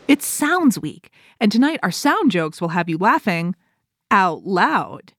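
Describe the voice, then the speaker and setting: A woman's voice: medium pitch, big pitch swings, slow pace, fairly bright tone, a little hiss or hum. A woman hosting a children's toothbrushing show, reading a cheerful, playful script and counting down for kids. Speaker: host.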